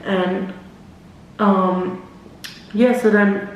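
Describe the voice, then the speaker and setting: A woman's voice: medium pitch, little pitch movement, very slow, a little hiss or hum. A young woman telling a casual storytime while doing her makeup, rambling and swearing freely, with lots of "like" and "literally". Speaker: vlogger. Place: echoey room, talking away from the camera. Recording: roomy echo, mic at a distance.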